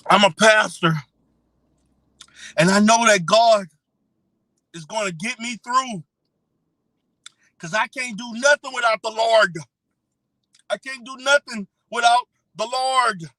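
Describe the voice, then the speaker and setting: A man's voice: sits high, takes it slowly, pauses often, bright, forceful tone, no echo, exaggerated voice, low-quality recording. A man putting on a whiny, self-pitying pastor who begs for money and swears, in a mock-tearful parody. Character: whiny self-pitying middle-aged male pastor begging. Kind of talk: parody impression.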